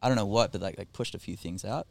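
Young guy with a mixed Aussie-Canadian accent, low and gravelly, a rambling guest on a casual podcast. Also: quick pace. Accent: hybrid Australian-Canadian. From Australia. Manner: rambling, self-correcting storyteller. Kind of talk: casual chat. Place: aboard a ferry.

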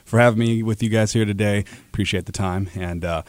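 A man's voice: lowish voice, fairly even intonation, fairly quick, dry recording. A man in his thirties from Alaska, a radio guest talking earnestly about his work with many fillers and restarts. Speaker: guest, ad sales rep. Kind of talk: casual interview talk.

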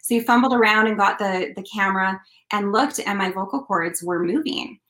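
A woman's voice: medium pitch, normal speed, fairly bright tone, reverberant, low-quality recording. A woman from Canada, a country singer and interview guest, telling a personal story in an earnest, heartfelt way.

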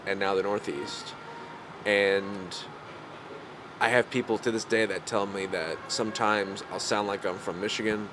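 Low-voiced male podcast host, rambling. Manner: rambling, laughs often, many fillers. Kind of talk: casual conversation. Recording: noisy background recording.

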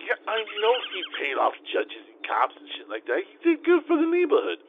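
A man in a comedy monologue, gruff and profane, arguing, swinging from yelling to muttering. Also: high-pitched, wildly swooping pitch, brisk. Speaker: comedy character monologue, a self-styled lawyer driving. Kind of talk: improvised comic monologue. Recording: tinny phone-like sound with light noise.

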